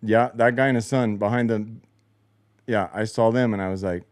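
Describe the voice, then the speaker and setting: A man hosts a post-game replay breakdown in a lowish voice, sarcastic and frustrated, swearing freely as he reacts. His voice sits close to the mic with a dry, deadened sound. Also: steady tone, normal speed, a little mellow, no echo. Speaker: show host. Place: home basement.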